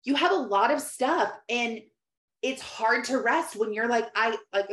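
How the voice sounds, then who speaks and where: A woman's voice: a little high, a little slow. Candid woman sharing in an echoey room. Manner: candid, conversational, animated storytelling. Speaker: faith and lifestyle speaker. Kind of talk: personal reflective monologue.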